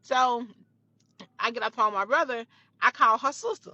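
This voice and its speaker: A woman's voice: on the high side, moderate pace, sharp tone, no room sound, dull audio. A young woman telling a story from her own life, emphatic and profane, often repeating her phrases. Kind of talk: storytime retelling.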